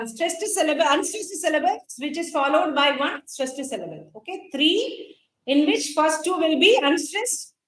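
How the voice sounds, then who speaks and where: Indian woman lecturer, high-pitched, explains and asks questions, roomy classroom sound. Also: fairly bright tone, a little hiss or hum. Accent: Indian English. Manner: explains terms and quizzes students, with frequent fillers. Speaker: college English teacher.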